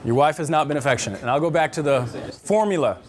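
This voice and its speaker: A middle-aged man teaching a marriage class at a church, lecturing in an animated, joking way and acting out quotes in voices. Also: on the high side, fast, noisy background. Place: church classroom with a live group.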